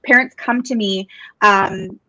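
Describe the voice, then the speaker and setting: A woman guest telling her story in a casual interview, earnest and animated, with many fillers and restarts. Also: mid-range voice, takes it slowly, dry recording. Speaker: psychic medium and guest. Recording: dull, dry lo-fi podcast audio.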